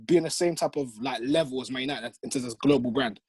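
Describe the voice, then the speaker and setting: A man's voice: mid-range voice, fast, a little mellow, slightly rough, dry recording. A young man with a London accent hosting a casual football chat, steering the talk and pushing his points. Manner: talks over others, keeps steering the discussion. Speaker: host.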